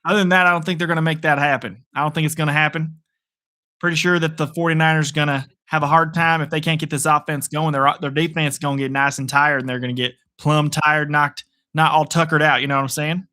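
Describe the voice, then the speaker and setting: A man's voice: a little high, little pitch movement, quick pace, bright, forceful tone. A man putting on a Southern accent as a folksy, drawling commentator during a live game reaction stream. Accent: put-on American Southern.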